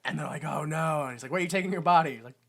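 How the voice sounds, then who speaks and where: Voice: mid-range voice, rapid-fire, vocal fry. A podcast co-host recapping a movie in casual chat, acting out the characters' lines in put-on voices. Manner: animated retelling, acts out quotes in put-on voices.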